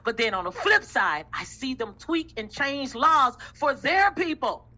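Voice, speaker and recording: A woman's voice: sits high, very animated, unhurried, sharp tone, poor audio. A woman giving an impassioned testimony in a faith discussion, emphatic and repetitive with a preaching cadence. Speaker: group discussion member.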